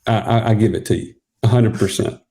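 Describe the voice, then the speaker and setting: A man's voice: fairly low pitch, flat delivery, fairly quick, warm tone. A man hosting a podcast, reacting with short questions and laughter. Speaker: podcast host. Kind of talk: casual interview chat.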